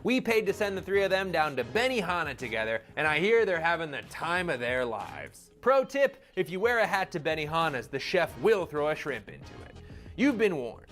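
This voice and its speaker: A man's voice: fairly high pitch, sing-song, normal speed, a bit bright, soft background music. A man hosting a scripted comedic explainer video, sarcastic and full of jokey asides. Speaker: video host.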